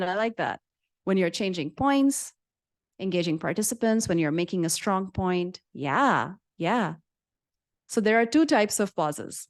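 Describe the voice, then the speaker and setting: A woman running an interactive public speaking session, varying her pace and pausing to show her points, and reading out answers from participants. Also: medium pitch. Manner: lively, demonstrates pauses and pace changes, reads out participants' answers.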